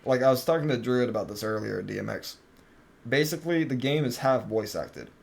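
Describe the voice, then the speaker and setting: A man's voice: medium pitch, animated, fairly quick, vocal fry. A young man streaming a game, chatting casually, joking around and swearing freely. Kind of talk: casual gaming stream chat.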